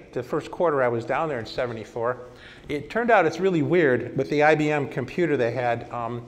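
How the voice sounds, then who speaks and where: A man in his sixties giving a conference talk and telling lively anecdotes. He acts out old conversations as he goes. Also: medium pitch. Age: 60s. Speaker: conference speaker. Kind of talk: presentation talk with storytelling. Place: hall at a vintage computer festival. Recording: long hall reverb.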